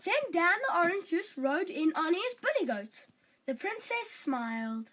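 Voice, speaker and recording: A woman reading a children's fairytale aloud as storyteller, in an animated, expressive storytelling manner. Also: very high-pitched, unhurried, slight background noise, poor audio.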